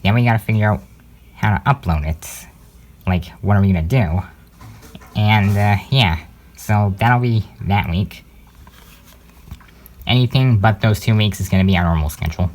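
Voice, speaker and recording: A young man hosting a home-made channel news update, talking casually with many fillers and hesitant pauses. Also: fairly low pitch, a little mellow.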